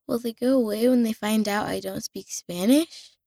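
A woman's voice: a little high, normal speed, vocal fry, warm tone, no room sound, voice pushed up. A woman voicing a shy young girl in a children's story, speaking in a timid, small voice. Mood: anxious.

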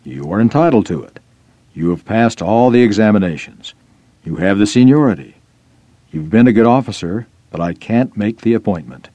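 A man's voice: on the low side, animated, normal speed, dark tone, no echo, muffled recording. A man voicing a stern senior army general, curt and formal, in a spoken story.

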